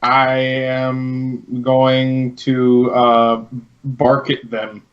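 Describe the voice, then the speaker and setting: A man's voice: mid-range voice, completely flat delivery. Hesitant man on a dull lo-fi mic. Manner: hesitant, halting. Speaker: player. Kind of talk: playing a tabletop game.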